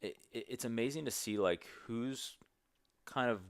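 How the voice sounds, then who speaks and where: A man's voice: mid-range voice, moderate pace, no room sound, studio quality. A young man talking candidly as a podcast guest, earnest and rambling with many restarts. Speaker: podcast guest, strength coach. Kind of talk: candid conversational interview.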